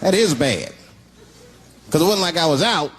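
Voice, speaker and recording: A man's voice: a little high, animated, normal speed, slight background noise. A man doing a stand-up set in a club, telling stories animatedly and acting out characters with big swings in his voice. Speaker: stand-up comedian. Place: comedy club stage. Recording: live club set with loud crowd laughter.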